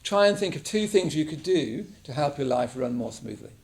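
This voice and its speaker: Man, meditation teacher, slightly higher voice, gravelly, chatty, keeps asking "yeah?". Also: animated, normal speed, darkish tone. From England. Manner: conversational, checks in with frequent "yeah?". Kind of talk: casual teaching talk to a class. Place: meditation class room.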